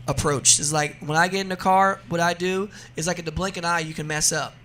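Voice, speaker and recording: A high-voiced man appears as a racing guest in a casual radio interview, chatty and animated. He tells stories with energy, laughs often, and keeps saying "you know what I mean."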